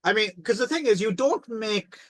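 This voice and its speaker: Lively high-pitched man chatting. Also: normal speed, dry recording. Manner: rambling, hesitant, animated. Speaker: podcast host and editor. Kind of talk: casual chat.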